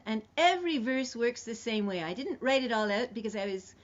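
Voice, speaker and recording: A woman's voice: fairly high pitch, a little fast, few pauses, a bit bright. A woman leading an online singing lesson, explaining a ballad in a chatty way and then singing the refrain syllables. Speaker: song leader. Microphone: computer mic on video call. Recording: dull lo-fi video call audio.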